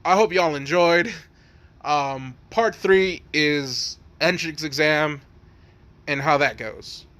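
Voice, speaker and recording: A man with a bright, forceful tone rambles through an improvised fan story. He swears freely, piles on likes and restarts, and sits a bit higher than most men. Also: slow.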